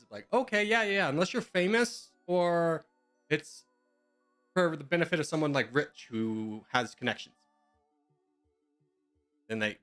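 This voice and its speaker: A man's voice: mid-range voice, a bit bright. A young man chatting casually in voice chat while gaming, joking and sarcastic. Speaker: gamer in voice chat.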